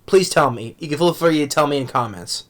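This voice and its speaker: A man's voice: on the high side, expressive, brisk. A young man giving a rambling, exasperated movie review rant at home, tripping over his words and restarting often.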